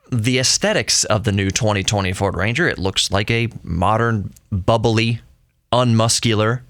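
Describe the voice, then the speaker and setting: A man's voice: fairly low pitch, a bit bright, dry recording. A man hosting a solo podcast, rambling conversationally and often correcting himself mid-sentence. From United States. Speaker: podcast host.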